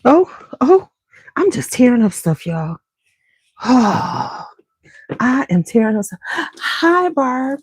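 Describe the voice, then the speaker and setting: A woman chats casually on her beauty channel, drifting between topics and greeting viewers by name. Her voice is husky, and the recording is dry and close. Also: a little high, big pitch swings, slow, pauses often, dry recording. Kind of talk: casual chat with live viewers.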